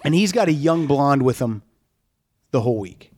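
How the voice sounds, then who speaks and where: A man's voice: mid-range voice, lively intonation, moderate pace, a little mellow, a little hiss or hum. A middle-aged man, a comedian, telling a story in casual chat and laughing through it. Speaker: comedian guest.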